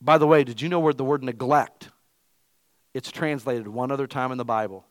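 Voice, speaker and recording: A man's voice: medium pitch, steady tone, a little fast, no room sound. A male pastor giving an emphatic, conversational sermon to his church.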